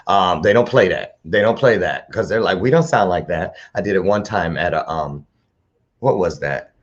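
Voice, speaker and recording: A man hosting a live talk show, chatting to camera in a rambling, animated way. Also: deep voice, moderate pace, dull audio.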